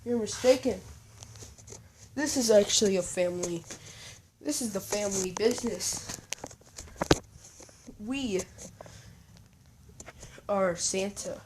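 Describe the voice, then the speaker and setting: A woman voicing a jolly, cheerful old Santa Claus, speaking loudly and heartily. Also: medium pitch, slow, pauses often, background noise, natural voice. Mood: explaining. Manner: hearty, loud, chuckling.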